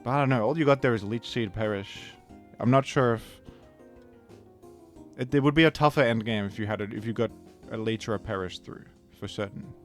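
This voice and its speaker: A man's voice: fairly low pitch, a little fast, faint music behind. A man giving casual, rambling gameplay commentary as a video creator, chatting to viewers and often correcting himself mid-sentence.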